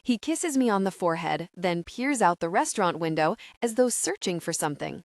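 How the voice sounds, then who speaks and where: A woman giving chatty, expressive first-person narration of a comedy audiobook on a close studio mic. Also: lowish voice, brisk, no echo.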